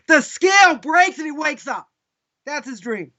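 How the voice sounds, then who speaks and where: A man, a rabbi, teaching a live class in a casual, animated way, telling stories with lots of asides. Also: very high-pitched, unhurried. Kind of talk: live lesson with storytelling.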